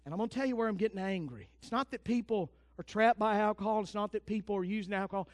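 A man preaching, his voice sitting strikingly high for a man. He delivers a fervent sermon, swinging from loud declarations down to hushed, intense asides. The recording is very dry, with no room sound at all. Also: fast talker, hardly any pauses, dry recording. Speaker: pastor.

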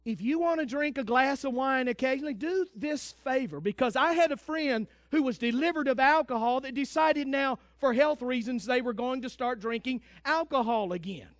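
A man preaching a sermon as pastor, fervent and swinging from loud declarations to hushed, intense asides. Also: very high-pitched, normal speed, few pauses, no room sound, clean studio sound.

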